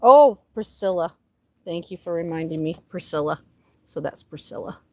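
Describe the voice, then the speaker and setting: A woman's voice: low voice, little pitch movement, brisk, a little mellow. A woman livestreaming casual chat from her home garden, talking to her plants by name and filming on a handheld phone. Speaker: livestream host.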